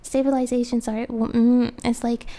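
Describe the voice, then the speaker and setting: Young female streamer, chatty and giggly, rambles while drawing; high, warm tone. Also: little pitch movement, moderate pace. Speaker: streamer and artist. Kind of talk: casual live-stream chat. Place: home, background noise heard. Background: faint lawnmower noise.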